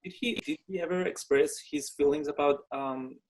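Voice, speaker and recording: A man hosting an interview and asking probing questions in slightly halting phrasing. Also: fairly high pitch, poor audio. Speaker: host.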